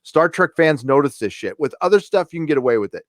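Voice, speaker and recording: A man's voice: on the high side, expressive, fast talker, dry recording, clean studio sound. A man co-hosting a casual live-stream chat, rambling with hesitations and blunt, profane opinions. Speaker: co-host.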